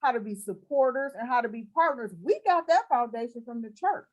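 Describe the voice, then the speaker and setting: A woman hosting a faith podcast, talking in lively casual chat that turns into an earnest spoken prayer, laughing often. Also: on the high side, fairly quick, poor audio. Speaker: podcast host.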